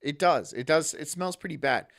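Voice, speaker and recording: A man's voice: on the high side, lively intonation, normal speed, vocal fry, a bit bright. A man hosting a live stream, talking casually with crude, sarcastic, mocking remarks. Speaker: streamer host. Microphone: studio mic.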